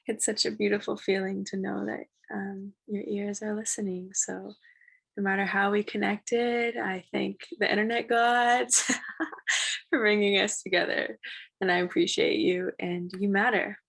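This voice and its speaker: Young female podcast host, bubbly and giggly, gravelly fry on her voice, relaxed solo chat. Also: medium pitch. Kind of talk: casual solo podcast talk.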